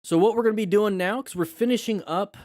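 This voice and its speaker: Brief: male stream host, slightly high voice, chatty and jokey, dry close mic. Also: quick pace, darkish tone, dry recording. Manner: chatty, joking, first-aid explainer. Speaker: live-stream host reviewing crash videos. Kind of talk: casual live-stream commentary.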